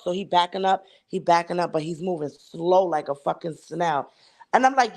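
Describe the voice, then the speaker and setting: A woman's voice: lowish voice, a little fast. A woman co-hosting a casual chat show, telling a story at length with heavy swearing and acting out the dialogue. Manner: profane and emphatic, acts out quoted dialogue. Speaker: podcast co-host.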